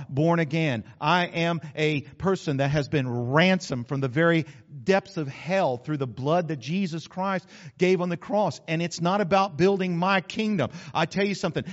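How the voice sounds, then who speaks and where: A man's voice: fairly high pitch, highs cut off. A man preaching a sermon, folksy and conversational, slipping into acted asides. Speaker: pastor.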